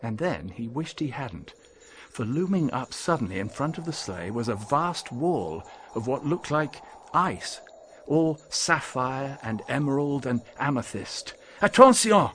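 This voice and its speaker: A man narrating an audiobook, reading in a measured, expressive storytelling manner. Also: mid-range voice, a little hiss or hum. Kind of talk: scripted narration.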